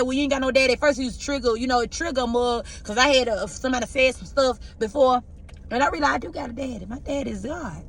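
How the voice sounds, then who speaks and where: A tarot reader with a slightly bright voice on the high side gives her viewers spiritual messages in a confessional, heartfelt way. Preachy and encouraging, she opens up about her wounds and often asks whether they understand.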